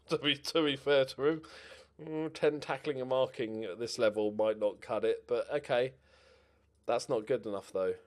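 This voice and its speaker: A young man giving casual, animated commentary on his own game play, muttering to himself and swearing now and then. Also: medium pitch, normal speed. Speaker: gaming commentator.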